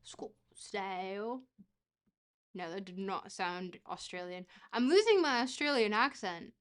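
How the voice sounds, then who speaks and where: A woman's voice: medium pitch, sing-song, moderate pace. A woman streamer talks her way through a geography guessing game in loose, casual chat. She rambles and jokes, with an easy habit of swearing.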